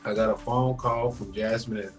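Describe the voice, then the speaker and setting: A man speaking as a talk show guest in a halting, hesitant way. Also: fairly low pitch, fairly even intonation, soft background music.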